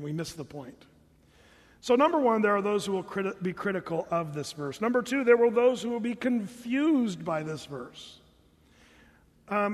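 A man preaching a sermon as pastor, animated and jokey, putting on mock voices to make his points. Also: high voice, in a large hall.

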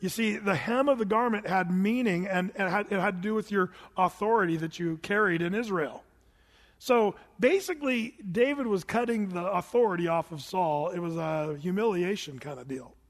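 High-voiced preacher in a reverberant hall. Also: male voice, normal speed. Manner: animated storytelling, swings between loud and hushed; humorous asides. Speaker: pastor. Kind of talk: sermon.

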